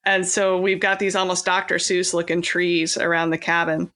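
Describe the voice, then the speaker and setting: This author from California is a podcast guest in a casual interview chat, laughing frequently with many fillers and restarts. Her fairly low voice has a fairly bright tone, a flat delivery, and a moderate pace.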